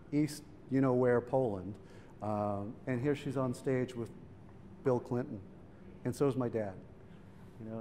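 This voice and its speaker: In a museum event hall, a middle-aged man speaks to a public event in a warm, medium-pitched voice. He narrates a family story conversationally, taking on the voices of those he quotes, against hall reverb and faint background noise.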